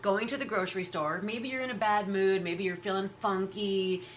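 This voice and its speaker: A woman's voice: normal speed, slight background noise. A woman hosting a casual chat, talking animatedly and acting out the people she quotes. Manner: animated, acts out quoted people in high voices. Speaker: host.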